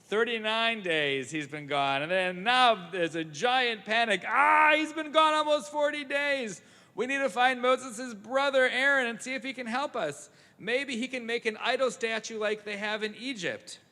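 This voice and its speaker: A man's voice: sits high, a little slow, pushed and bright, pitched above the performer's own voice. Brief: fickle storybook crowd, as a man voices them, echoey sanctuary. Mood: pleading. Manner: pleading, overexcited. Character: crowd of panicky, fickle Israelites.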